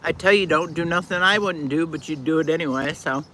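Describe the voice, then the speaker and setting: A woman's voice: deep voice, fairly quick, fairly bright tone, slight background noise. An older woman hosting a live stream, chatting casually with viewers in a blunt, folksy way while she eats.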